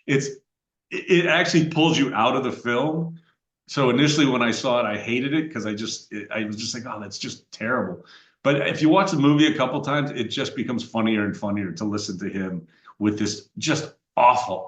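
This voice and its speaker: A man's voice: medium pitch, dull audio. A middle-aged American man hosting a podcast, talking in a casual, rambling way with frequent fillers and restarts. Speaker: podcast host. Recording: roomy echoey room.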